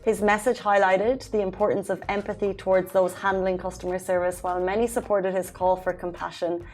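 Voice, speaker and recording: A young woman co-hosting a casual talk show, bubbly and emphatic, quick to agree with her co-host. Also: medium pitch, level tone, a little mellow.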